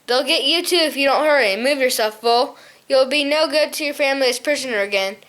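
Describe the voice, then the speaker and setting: A woman's voice: high-pitched, fast, a bit bright. A woman reading as a brave young mouse. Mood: urgent. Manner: urgent, sarcastic. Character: brave young male mouse, hot-tempered.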